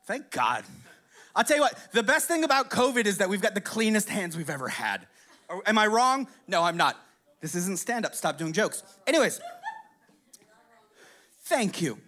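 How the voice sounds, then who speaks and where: Lively, crude man telling a rambling story. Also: high-pitched, normal speed, pauses often. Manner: rambling, crude, checks in with listeners constantly. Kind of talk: casual profane storytelling to a live audience.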